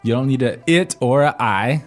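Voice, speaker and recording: A man's voice: medium pitch, normal speed. Man prompting a language lesson. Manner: prompts with questions, often ends with "right?". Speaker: co-host, learner's voice. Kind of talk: scripted language-lesson podcast. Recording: faint music bed.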